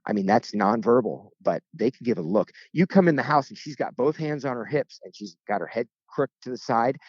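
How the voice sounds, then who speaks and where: A man, a guest turkey hunter, telling stories in a casual interview with lively, joking delivery. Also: mid-range voice, fairly quick, no echo, lo-fi sound. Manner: lively, joking, acts out voices in anecdotes.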